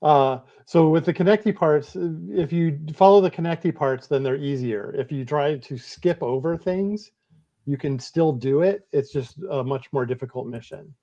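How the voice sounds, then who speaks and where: A man as game master explaining rules in a relaxed, hesitant way with many fillers. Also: a little high, moderate pace, dull audio.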